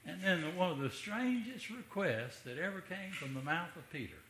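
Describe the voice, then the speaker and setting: Man, preaching to a congregation, bright tone, echoey church room. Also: sits high, lively intonation, normal speed, slight background noise. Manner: conversational preaching, rhetorical asides. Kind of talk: sermon.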